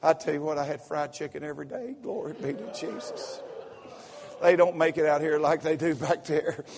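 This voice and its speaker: Man, pastor, slight Southern accent, fervent folksy sermon, higher voice, long church-hall reverb. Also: normal speed, gravelly. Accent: Southern US, slipping in from home visit. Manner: excitable, folksy preaching with repetitions and asides. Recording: echoey sanctuary reverb.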